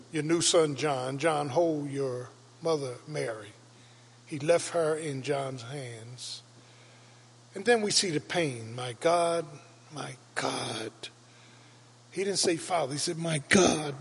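Slow husky pastor guy preaching in a big echoey church, swings up into shouts. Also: fairly high pitch. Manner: preaching with dramatic rises into shouts. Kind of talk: Easter sermon. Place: church sanctuary. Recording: reverberant church hall.

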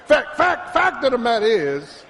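Pastor, male, high and animated voice, preaching in a reverberant church hall. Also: a little slow. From Philadelphia. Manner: preaching with call-and-response, rising to shouts; drops to a low, quiet storytelling voice. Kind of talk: sermon. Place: church sanctuary.

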